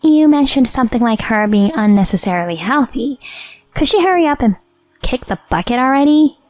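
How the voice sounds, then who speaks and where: A woman voicing a high-pitched, scheming young mistress speaking over the phone, eager and gushing. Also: expressive, a little fast, a little mellow, dry recording, soft background music.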